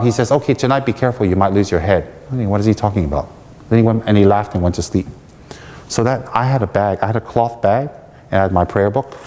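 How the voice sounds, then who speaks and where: A man with a lowish, warm voice tells a personal story as a Buddhist teaching, bursting into laughter and acting out the lines of the people in it. His words ring out with a long reverb, as in a large hall. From United States. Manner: animated, laughs often, acts out quoted speech. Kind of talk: storytelling dharma talk.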